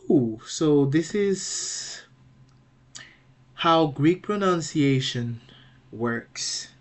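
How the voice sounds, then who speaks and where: Slow, patient male language teacher. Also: fairly high pitch, expressive. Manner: slow and patient, repeats each word several times; asks the viewer questions and answers them. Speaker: Greek teacher. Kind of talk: online pronunciation lesson.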